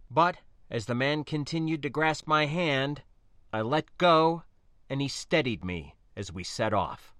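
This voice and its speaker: A man giving an expressive, scripted first-person narration of a science-fiction story. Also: mid-range voice, no room sound, clean studio sound.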